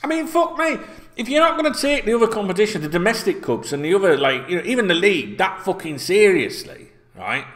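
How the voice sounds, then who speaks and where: This ranting football fan vlog comes from a channel host out of North Yorkshire, England, who swears, repeats himself, and gets heated. He speaks a little fast with an animated pitch, recorded in an echoey room.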